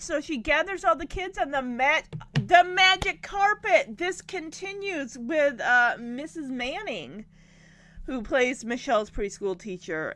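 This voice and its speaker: A young woman with a high voice casually recaps a sitcom episode. Her tone swings widely, and she moves between quick asides and mock outrage. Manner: animated, indignant storytelling. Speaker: TV show recapper.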